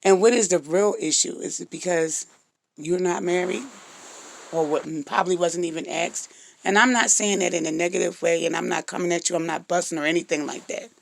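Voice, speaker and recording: A middle-aged woman with a gravelly morning voice, giving frank relationship advice to her viewers and sometimes tripping over her words. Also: lowish voice, steady tone, fairly quick. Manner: stumbles over words now and then; frank and direct. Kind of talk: casual advice talk to viewers.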